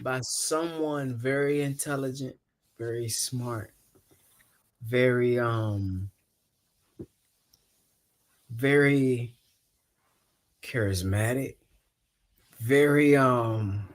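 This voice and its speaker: A man hosting a casual podcast, his voice sitting at an ordinary middle pitch. He talks in a loose, rambling, laid-back way and laughs easily between thoughts. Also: drawn-out words, pauses often. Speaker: podcast host.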